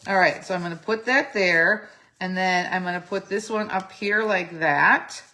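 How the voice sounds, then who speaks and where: On the low side and delivered at a moderate pace, this middle-aged woman's voice is bright and forceful as she talks through a craft project. She is chatty in the casual step-by-step tutorial, thinking aloud and correcting herself, with a slightly phlegmy throat.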